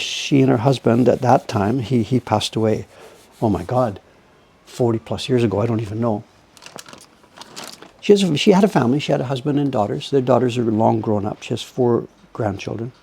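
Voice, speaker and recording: A man's voice: medium pitch, gravelly, dark tone, husky. An older man chatting casually on a live stream as he works at printmaking, rambling and correcting himself as he goes. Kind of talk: casual live-stream chat while working.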